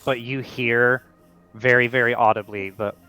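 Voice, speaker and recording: A man's voice: medium pitch, level tone, normal speed, sharp tone, clean tone, no echo, soft background music, rough recording. A man narrating as game master of a tabletop role-playing game, loose and full of fillers.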